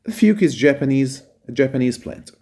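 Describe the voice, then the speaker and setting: A man's voice: mid-range voice, animated, darkish tone, breathy edge. Man explaining a reading passage. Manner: reads a passage aloud and explains words, with many pauses and fillers. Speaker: teacher.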